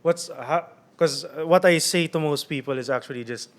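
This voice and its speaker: Relaxed Filipino man hosting a podcast. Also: on the high side, moderate pace. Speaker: podcast host. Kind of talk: casual podcast interview.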